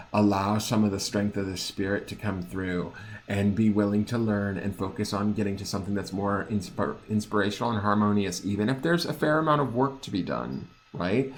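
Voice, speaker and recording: A man's voice: lowish voice, slight background noise. A man giving a casual, chatty tarot reading to his viewers, searching for words and often checking that he makes sense, with a lilting, upspeak-prone way of talking. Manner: chatty and searching, full of fillers and checks for understanding. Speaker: tarot reader.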